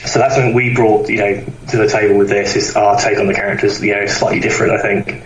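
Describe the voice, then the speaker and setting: A man talks at length in a relaxed podcast chat, circling back with fillers and restarts. His low voice sits at a distance from the mic in a roomy, echoing space, and a faint hiss runs under it. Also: fast talker. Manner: rambling, with many fillers and restarts. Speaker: guest comic publisher.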